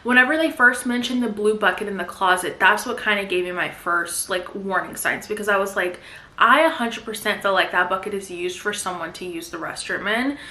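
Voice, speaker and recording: A woman recapping a thriller novel in a chatty, animated way, full of side comments. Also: mid-range voice, brisk. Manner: animated storyteller, chatty asides. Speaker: book vlogger. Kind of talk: casual book recap. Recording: echoey room.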